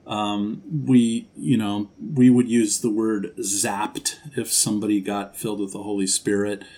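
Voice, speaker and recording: Low voiced guy on an interview, mellow tone, thinks out loud, lots of restarts. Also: flat delivery. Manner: thoughtful, measured, with many fillers and restarts. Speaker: guest. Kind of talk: conversational interview.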